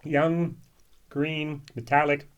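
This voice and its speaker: A man's voice: a little high, little pitch movement, slow pace, clean tone, muffled recording. A man reviewing whisky in a casual, musing way, with frequent ums and restarts.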